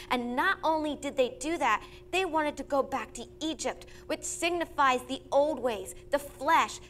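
A woman's voice: high-pitched, fairly bright tone, a little hiss or hum. A young woman preaching a sermon, earnest, reading scripture aloud and telling a story from her own family life. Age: young adult. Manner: tells a personal family story.

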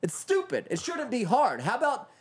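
A man in his fifties rants his way through a casual podcast chat, exasperated and swearing freely. His pitch swings widely as he talks. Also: huge pitch swings, moderate pace, husky. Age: 50s. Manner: ranting, exasperated, profane. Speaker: podcast host.

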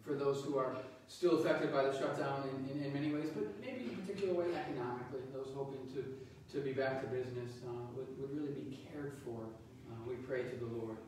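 A male priest reading the gospel and preaching a homily at Mass in a conversational, halting way, repeating words as he goes. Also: mid-range voice, fairly even intonation, darkish tone. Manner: conversational, halting, with frequent word repetitions. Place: large church. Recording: very echoey church from far off, faint noise.

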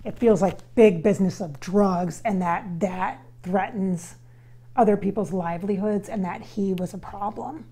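Speaking warmly and a little slowly in a mid-range voice, a medium passes along a spirit's message in quoted form to the viewers she addresses as "you guys." She is earnest yet casual and repeats phrases to stress them.

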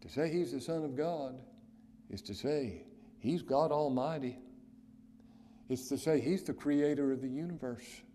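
A man preaching a sermon as pastor, with loud emphatic declarations that drop to hushed near-whispers and slow, weighty stresses on key phrases. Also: mid-range voice, a little hiss or hum.

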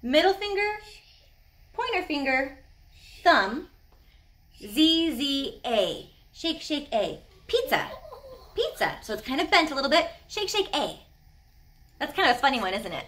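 Bright, animated woman teaching children. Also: high-pitched, a little slow, pauses often. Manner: animated, encouraging, gasps with delight. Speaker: sign language teacher.

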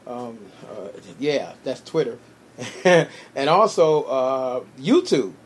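Male pastor host, mid-pitched, filler-heavy announcer, faint line noise. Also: very animated, takes it slowly. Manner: many fillers and repeated amens. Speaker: pastor hosting a prayer call. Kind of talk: preaching and closing announcements.

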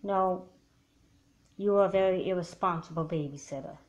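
A stern, blunt mother, acted by a woman for a homemade doll movie. She scolds in a lower voice with plain, firm delivery. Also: normal speed, lo-fi sound, close to an everyday voice. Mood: scolding. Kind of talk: home doll-movie voice acting.

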